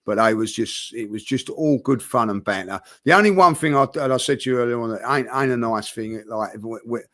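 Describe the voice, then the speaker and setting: Bloke rambling on about footy, loads of fillers, mid voice, dead dry mic. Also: male voice, mid-range voice, a little fast, a bit bright, no room sound. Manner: rambling, full of fillers and restarts. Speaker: football fan pundit. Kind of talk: casual panel chat.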